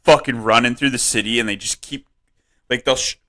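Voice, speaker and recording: A man co-hosting a comedy podcast, rambling and swearing in casual chat, laughing often and jumping up in pitch when worked up. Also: brisk. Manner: animated, voice jumps up when worked up. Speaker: podcast co-host.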